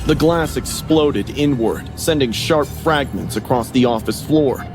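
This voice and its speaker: A man's voice: mid-range voice, measured pace. A man narrating a scripted horror story, acting out the dialogue in raised voices. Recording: music playing under the voice.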